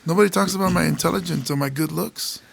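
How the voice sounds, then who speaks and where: A man's voice: fairly high pitch, fast talker, vocal fry, husky. A man, a comedian from Hawaii, telling stories in a laid-back way and laughing often on a podcast. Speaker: comedian guest. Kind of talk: casual podcast chat.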